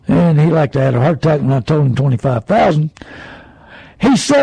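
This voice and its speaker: A man, a car dealer hosting a folksy radio talk, animated and full of rhetorical questions. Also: fairly high pitch, fairly quick, gravelly, husky, no room sound, low-quality recording. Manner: animated, mocking salesman voices, rhetorical questions.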